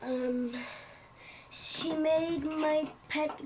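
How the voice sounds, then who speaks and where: A woman player in a tabletop game, speaking in a hesitant, halting way. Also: sits high, fairly even intonation, darkish tone, slight background noise.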